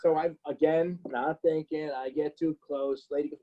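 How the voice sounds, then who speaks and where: A man with a New Jersey accent telling a story in casual chat, profane and animated, acting out the people he quotes. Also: a little high, moderate pace, highs cut off. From Bloomfield, New Jersey. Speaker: podcast guest.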